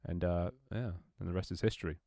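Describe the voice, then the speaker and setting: This is a young man with a very low voice, rambling to his stream audience. He swears casually and trips over his words as he goes. The sound is dry and close. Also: fairly even intonation, quick pace, gravelly, dark tone, dry recording. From London, England. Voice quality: swears casually, many restarts and laughs. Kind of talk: casual chat with stream viewers.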